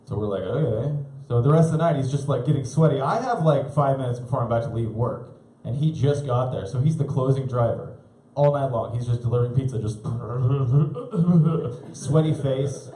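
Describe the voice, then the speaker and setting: A young man doing a live stand-up set, rambling and laughing at his own stories, jumping into high shouty voices for the people he quotes. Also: moderate pace. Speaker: stand-up comedian. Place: live comedy club stage. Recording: roomy club sound.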